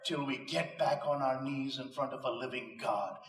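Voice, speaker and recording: Speaking at normal speed in a mid-range voice, a man is heard off mic and far away in an echoey room. He addresses a live audience at a venue as a motivational speaker, making an emphatic, rhetorical inspirational speech with jokes that land on punchlines.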